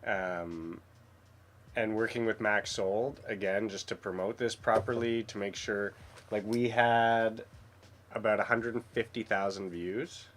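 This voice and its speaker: Man, lowish voice, upbeat casual co-host plugging the business. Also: a little hiss or hum. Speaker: co-host of auction livestream. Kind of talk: casual livestream chat.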